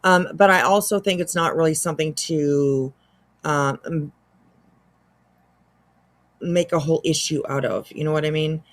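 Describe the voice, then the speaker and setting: A woman's voice: deep voice, fairly even intonation, a little slow, long pauses. A middle-aged woman hosting a casual commentary show, rambling and hedging with lots of fillers while fighting the hiccups. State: has the hiccups. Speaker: commentary host.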